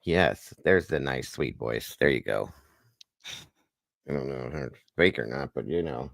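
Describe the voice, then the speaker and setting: Goofy deep-voiced male stream host. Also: animated, unhurried, creaky, dry recording, clean studio sound. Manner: goofy, cornball greeter; shouts out viewers by name. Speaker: livestream host. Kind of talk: casual livestream chat.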